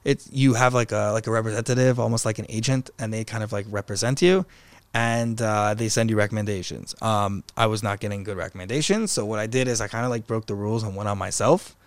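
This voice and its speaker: A man's voice: lowish voice, quick pace, smooth, no room sound. A young man guesting on a podcast, chatting casually in a rambling way, full of fillers and restarts. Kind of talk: casual conversation.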